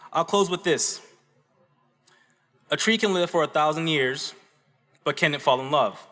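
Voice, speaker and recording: A man's voice: fairly high pitch, pushed and bright. A man from Michigan giving a graduate convocation speech at a podium, telling a story earnestly and tossing in "right?" asides to the audience. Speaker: graduate student speaker. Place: large auditorium. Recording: echoey auditorium reverb.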